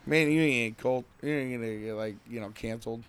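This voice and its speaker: Male co-host, mid pitch, profane, rambling storyteller. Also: fairly quick, slight background noise. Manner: rambling, swears a lot, says "dude". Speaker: podcast co-host. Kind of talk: casual chat.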